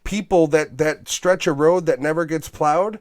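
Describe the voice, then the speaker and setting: A man hosting a casual movie review podcast, animated and swearing freely as he riffs on scenes. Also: fairly high pitch, measured pace, dry recording, clean studio sound. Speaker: podcast host.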